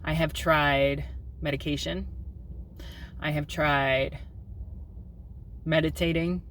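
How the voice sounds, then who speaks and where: A woman in her thirties speaks in a candid home vlog, open and confessional, sprinkling in ums. Her voice sits on the lower side. A faint hiss of room noise runs under her. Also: fairly even intonation, takes it slowly, fairly bright tone. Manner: open and confessional, with filler ums and self-deprecating laughs. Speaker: mom vlogger.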